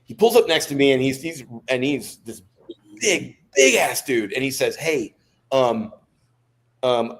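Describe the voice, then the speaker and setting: A middle-aged American man, a former Navy SEAL guest on a podcast, telling his stories in a relaxed, rambling way. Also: medium pitch, fairly quick. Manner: relaxed, rambling storyteller with restarts. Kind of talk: storytelling in a podcast interview.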